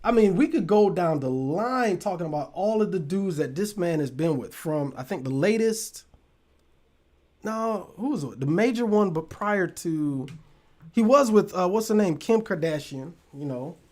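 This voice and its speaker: A man hosting a relationship talk show chats loosely with his live-stream viewers, addressing them directly, swearing freely, laughing often, and trailing off mid-thought. His high, darkish voice has lively intonation and a normal pace.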